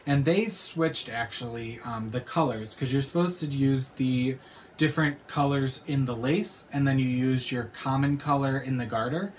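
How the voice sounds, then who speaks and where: A woman's voice: a bass voice, moderate pace, a little hiss or hum. A woman hosting a knitting podcast, chatting casually and teasingly, laughing often. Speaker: podcast host. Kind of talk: casual chat.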